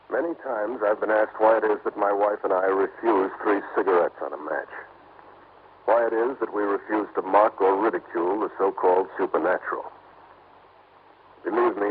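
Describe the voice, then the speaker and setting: A man doing a suave detective in a vintage radio play, urbane and wry with easy confidence. His voice is fairly low, and the old broadcast is thin and phone-like with faint hiss. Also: lightly acted. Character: suave American detective husband. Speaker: narrator and lead. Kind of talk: 1940s radio acting.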